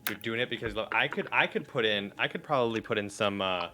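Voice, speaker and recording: Bright-voiced joking man hosting a stream. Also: lowish voice, fast talker. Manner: joking, rambling self-deprecation. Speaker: co-host. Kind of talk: casual chat on a live stream.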